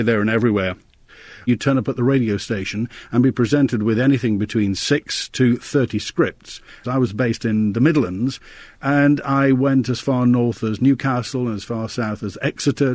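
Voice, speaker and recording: A man who works as a voice-over artist, recalling his work in a lively, anecdotal interview. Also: mid-range voice, no echo. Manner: lively storyteller, vivid turns of phrase.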